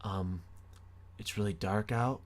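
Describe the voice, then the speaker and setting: A man voicing his mother, soft-spoken, hesitant and matter-of-fact. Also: on the low side, takes it slowly.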